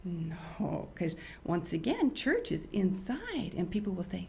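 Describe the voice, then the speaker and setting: An older woman hosting a children's show, reading stories in an animated, sing-song way. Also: lowish voice, slow, creaky, few pauses, slight background noise. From United States. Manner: animated, sing-song storyteller, acts out loud and whispered voices. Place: studio.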